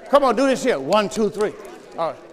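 A male pastor with a high, bright voice, preaching a sermon. He drives home each point by repeating it and pulling the congregation into call and response. His voice carries a long reverb from a church sanctuary. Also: sing-song, a little fast.

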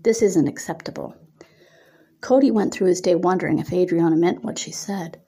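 A woman author reading her own erotic story aloud. She keeps a steady storytelling pace, and her voice has a mellow, warm tone with no edge to it. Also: on the low side, a little fast, husky.

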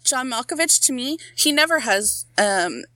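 Bright, sharp-toned woman, playful and giggly, chatting movies on a dry close mic. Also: sits high, animated, moderate pace, no room sound. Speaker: podcast co-host. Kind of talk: casual film chat.

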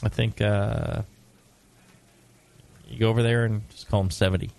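A middle-aged American man co-hosting a casual brewing talk show, joking and lively, sometimes putting on gruff voices. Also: fairly low pitch, normal speed. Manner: animated, joking, mock-gruff put-on voices. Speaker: podcast co-host, brewing expert. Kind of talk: casual chat.

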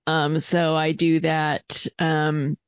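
A woman's voice: sits low, completely flat delivery, very slow, smooth, no echo. A woman co-hosting a podcast in casual chat, with many ums and frequent laughter. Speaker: podcast co-host. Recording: dull lo-fi dry audio.

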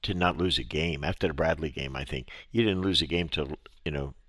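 A man's voice: a bass voice, brisk, fairly bright tone, dry recording, studio quality. A man hosting a podcast interview, chatting casually and rambling with lots of "you know" fillers. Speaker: podcast host.

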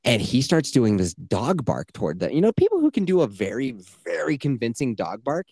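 A man's voice: medium pitch, a little fast, breathy edge, dry recording, clean studio sound. A man co-hosting a podcast who tells stories casually, swearing freely and putting on the voices of the people in them. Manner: animated, profane, acts out voices in his stories. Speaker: podcast co-host. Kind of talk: casual storytelling chat.

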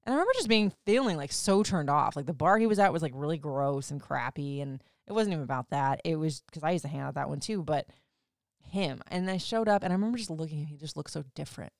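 A woman's voice: deep voice, animated, fast, no echo, clean studio sound. A woman hosting a podcast, telling a personal story in a chatty, casual way, swearing freely and using "like" often. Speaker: podcast host.

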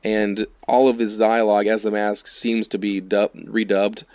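A man's voice: on the low side, little pitch movement, measured pace, darkish tone, no echo. A man talking casually on a podcast, repeating words as he works his way through a point about a movie. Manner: hesitant, repeats words while building a point. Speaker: podcast co-host. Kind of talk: casual film review chat.

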